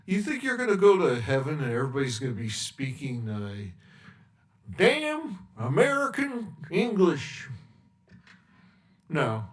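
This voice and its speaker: A man's voice: mid-range voice, lively intonation, fairly quick, hardly any pauses. A man hosting a sarcastic, mocking rant monologue. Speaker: host. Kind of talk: ranting monologue. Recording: echoey room, distant mic.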